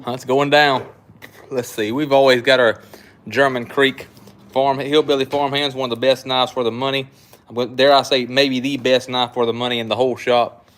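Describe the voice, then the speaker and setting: A man's voice: mid-range voice, level tone, normal speed, fairly bright tone. A middle-aged man, hosting a live knife sale and chatting in a folksy, rambling way with his viewers. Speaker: knife shop host. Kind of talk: casual live-stream sales chat.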